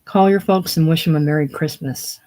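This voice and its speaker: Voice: medium pitch, moderate pace, warm tone, close to an everyday voice. Fatherly older friend, soothing and coaxing, voiced by the reader. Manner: coaxing, reassuring. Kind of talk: casual play reading.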